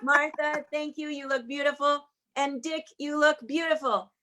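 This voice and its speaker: A woman's voice: high-pitched, fairly even intonation, moderate pace. A woman hosting an online show, closing it with chatty compliments for each person on the call. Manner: warm repetitive compliments, chatty. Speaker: host. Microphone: video call.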